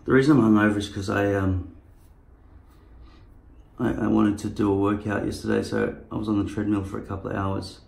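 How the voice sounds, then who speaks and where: A man's voice: fairly low pitch, level tone, a little fast, vocal fry, long pauses, a little mellow, slight background noise. A man vlogging in casual chat, rambling and profane. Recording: echoey room.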